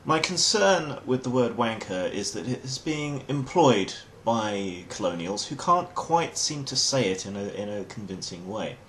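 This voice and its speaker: A low-voiced English man delivering a comic explainer in a dry, mock-formal way. His pitch leaps around with lively swings. There is a faint hum behind him. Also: a little slow, hardly any pauses. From England. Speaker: host.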